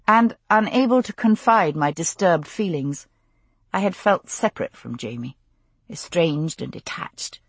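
A woman narrating a novel in the first person, in an expressive, intimate storytelling manner. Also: fairly low pitch, husky, dry recording. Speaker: audiobook narrator.

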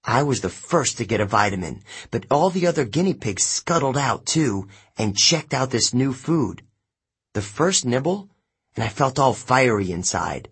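A man narrating an audiobook in the first person, expressive and unhurried. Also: medium pitch, husky.

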